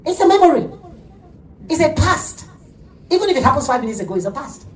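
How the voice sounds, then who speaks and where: Animated woman preacher, echoey room. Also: high-pitched, fast talker, slight background noise. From Nigeria. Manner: animated storytelling preacher, laughs often. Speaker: pastor. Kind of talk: sermon. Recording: echoey room, heard from a distance.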